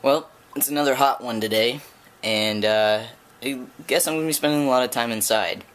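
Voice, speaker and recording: Guy rambling at home into a handheld camera, lots of ums, mid pitch voice, faint noise behind. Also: normal speed, fairly bright tone. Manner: rambling, with many ums and trailing restarts; baby talk to his dog in a playful high voice. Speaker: vlogger. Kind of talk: casual vlog chat. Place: at home indoors. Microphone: handheld camera held in one hand.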